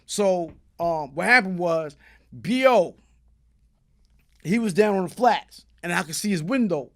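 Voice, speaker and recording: A middle-aged man, a guest telling stories in a casual interview, in animated street slang that bursts into loud shouting. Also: high-pitched, unhurried. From New York.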